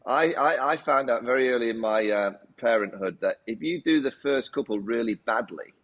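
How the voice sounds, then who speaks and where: A man chatting as a cricket pundit at a mid pitch. He starts and restarts with small fillers, and slips dry jokes in along the way. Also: a bit bright, muffled recording. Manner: halting with fillers, dry humor. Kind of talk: casual chat.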